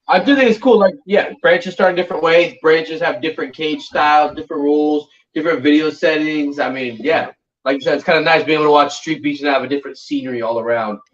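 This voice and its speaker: A man's voice: fairly high pitch, quick pace, recorded from a distance, lo-fi sound. A man who fights MMA, guest-hosting a casual podcast chat in an easygoing, agreeable way.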